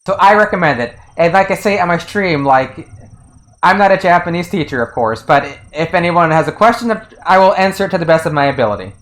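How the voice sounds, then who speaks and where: A fairly high-pitched man talks casually on his stream. His speech is loose and rambling, with frequent restarts, lots of fillers and easy chuckles. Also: expressive, fairly quick, fairly bright tone, rough recording. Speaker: game streamer. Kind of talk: casual commentary on a game translation.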